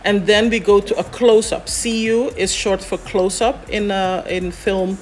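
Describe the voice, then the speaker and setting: A woman scriptwriter, appearing as a guest, walks through how to write a script step by step in relaxed, casual conversation. Her mid-range voice often pauses on fillers like "um" and "you know," with slight background noise behind her.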